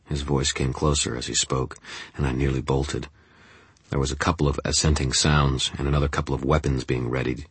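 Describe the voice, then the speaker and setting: A man narrating an audiobook in the first person, telling it in a tense, steady way on a close studio mic. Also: a bass voice, moderate pace, husky, no room sound.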